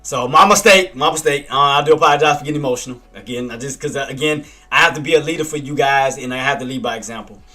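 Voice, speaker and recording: A man's voice: mid-range voice, quick pace, hardly any pauses, pushed and bright, soft background music. A male day trader streaming live commentary, talking straight to his chat and scolding himself with the same phrases over and over. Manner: self-critical, repeats himself, talks to chat by name.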